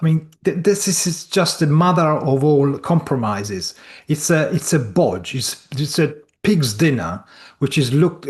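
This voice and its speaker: A man, a guest commentator giving blunt, scornful opinions in colloquial language, often stumbling over his words. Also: medium pitch. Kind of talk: opinionated discussion.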